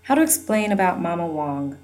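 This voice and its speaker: A woman's voice: on the low side, big pitch swings, fairly quick, a little mellow, rough recording. Wry woman narrating a novel. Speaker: audiobook narrator. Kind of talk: first-person novel narration.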